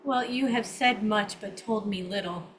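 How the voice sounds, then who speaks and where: A woman's voice: medium pitch, normal speed, fairly bright tone. A woman playing her character in a tabletop game, speaking in a poised, slightly haughty way. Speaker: player. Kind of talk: tabletop role-play.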